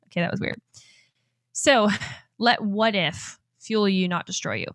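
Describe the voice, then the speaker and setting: A woman in her twenties hosting a motivational podcast, energetic and enthusiastic and quick to laugh. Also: mid-range voice, dry recording, clean studio sound. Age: 20s. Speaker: podcast host and life coach. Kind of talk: upbeat motivational podcast talk.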